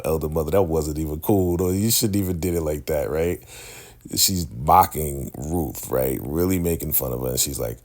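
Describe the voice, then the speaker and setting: A man's voice: very deep voice, lively intonation, moderate pace, creaky, a little mellow, slightly rough. A man hosting a casual TV episode recap, retelling scenes in a loose, chatty way and acting out the characters' lines. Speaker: TV recap host.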